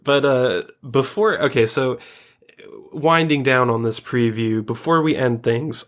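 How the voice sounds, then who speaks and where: A man's voice: medium pitch, a bit bright. Crude, joking male podcast co-host. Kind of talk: casual podcast chat.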